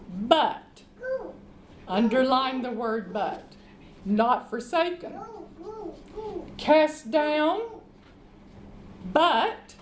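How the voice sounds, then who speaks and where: Woman preacher, high voice, slow and emphatic, echoey room with a little noise behind. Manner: slow, emphatic scripture reading with call-and-response. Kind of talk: sermon.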